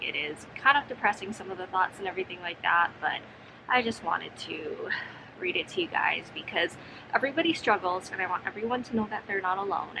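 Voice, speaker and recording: A young woman in a casual home vlog, speaking softly and hesitantly with many pauses and restarts. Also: fairly low pitch, gravelly, noisy background. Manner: soft-spoken, hesitant, many ums and restarts. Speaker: vlogger. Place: home, sitting on the floor. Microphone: camera mic.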